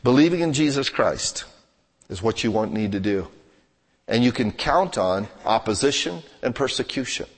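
A man's voice: mid-range voice, expressive, moderate pace, in a large hall. A man preaching a sermon as a pastor, exhorting his congregation with emphatic, rising and falling intensity.

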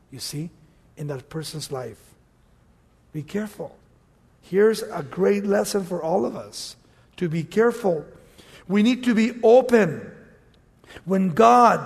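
High-voiced preacher in an echoing hall. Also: male voice, slightly rough. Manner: emphatic, asks the congregation and answers himself. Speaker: pastor. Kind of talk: sermon. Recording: long hall reverb.

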